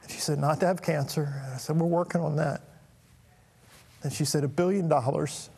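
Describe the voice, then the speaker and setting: A middle-aged man telling a personal family story in a halting, emotional way, with frequent restarts. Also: a little high, fairly even intonation, creaky, a little mellow, long reverb tail, slight background noise. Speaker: talk show host.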